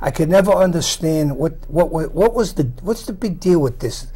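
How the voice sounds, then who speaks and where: A man's voice: a little high, expressive, moderate pace, warm tone, breathy edge. A middle-aged man hosting a casual chat, rambling with lots of fillers and restarts. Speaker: host.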